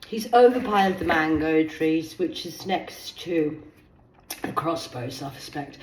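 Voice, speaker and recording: A woman's voice: low voice, lively intonation, slow. Swearing woman vlogger in an echoey room. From United Kingdom. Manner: swears a lot, drops into whispers, laughs between stories. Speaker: vlogger reading news stories. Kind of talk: casual news commentary.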